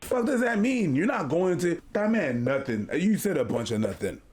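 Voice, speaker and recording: A man's voice: on the high side, sing-song, normal speed, darkish tone, a little hiss or hum. A man co-hosting a podcast, arguing in a dismissive, profane way. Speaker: podcast co-host. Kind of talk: heated podcast debate.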